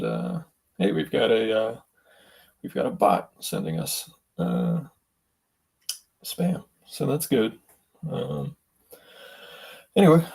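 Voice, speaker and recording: A man hosting his drawing livestream, talking casually in a halting way with many pauses while feeling unwell. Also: mid-range voice, vocal fry, darkish tone, slightly rough.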